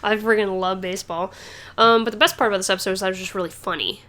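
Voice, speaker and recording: A woman's voice: mid-range voice, fairly even intonation, very fast, sharp tone. A woman hosting a podcast in casual chat, rambling with many fillers and restarts and laughing often. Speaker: podcast host.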